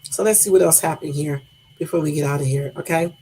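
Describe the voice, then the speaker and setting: A Californian woman chats through a casual live stream, talking straight to her viewers. Her voice sits a little low, with a gravelly, husky texture. She laughs easily at her own slips and keeps it loose and informal. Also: fast, dark tone. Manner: chatty, laughs at her own stumbles, addresses chat as y'all. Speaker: livestream host.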